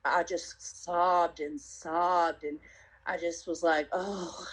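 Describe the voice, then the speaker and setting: A woman sharing her personal testimony in an interview, telling her story earnestly and reflectively, with many pauses and fillers. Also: fairly low pitch, flat delivery, rough recording.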